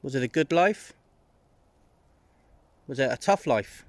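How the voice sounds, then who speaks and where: A man working as a paranormal investigator, calling out to spirits in an abandoned building with slow, calm questions and pauses. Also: mid-range voice, no room sound.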